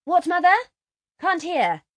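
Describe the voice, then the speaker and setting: A woman's voice: mid-range voice, big pitch swings, unhurried, husky, no room sound, voice pushed up. A woman reading aloud and voicing an eager, effusive young upper-class girl. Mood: gushing.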